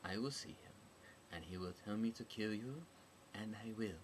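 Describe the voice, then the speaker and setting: A man voicing a cold, menacing foreign warrior woman who speaks slowly and formally with odd pronunciation. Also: lowish voice, slight background noise, natural voice. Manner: slow, formal, oddly pronounced.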